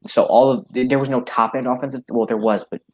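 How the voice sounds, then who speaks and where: A man of middle pitch co-hosts a laid-back livestream, making his points in an even, analytical way. His tone stays steady as he works through his thoughts. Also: quick pace. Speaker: co-host. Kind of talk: casual livestream chat.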